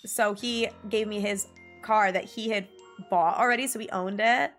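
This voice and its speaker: A young woman in her twenties streaming, chatting casually with viewers in a bubbly, giggly way, her pitch jumping up often. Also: fairly even intonation, normal speed, fairly bright tone. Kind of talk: casual livestream chat reading viewer messages. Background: faint music.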